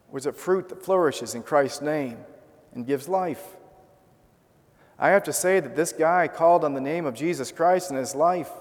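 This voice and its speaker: Earnest preacher in an echoing hall. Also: male voice, on the high side. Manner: earnest storytelling with rhetorical questions. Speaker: pastor. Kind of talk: sermon.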